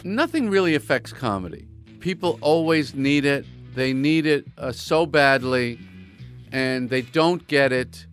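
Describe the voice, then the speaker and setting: A man's voice: medium pitch, expressive, measured pace, a bit bright, faint music behind. A man in an interview making emphatic complaints. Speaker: interview guest. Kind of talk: interview talk.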